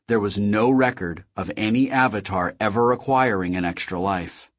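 Husky, low-voiced male narrator. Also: no echo, clean studio sound. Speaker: audiobook narrator. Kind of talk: first-person novel narration.

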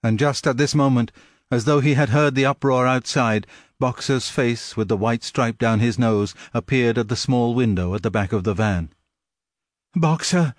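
A man's voice: medium pitch, fairly even intonation, normal speed, dry recording. Man narrating a story in a dry close voice. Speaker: audiobook narrator. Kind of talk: scripted narration.

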